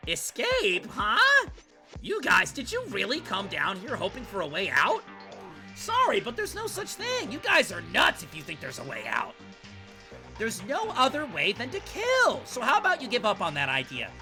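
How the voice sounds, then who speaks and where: A man's voice: very high-pitched, huge pitch swings, moderate pace, music in the background, full character voice. A man reading a smug taunting young man. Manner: taunting, dismissive. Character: smug young man mocking trapped classmates.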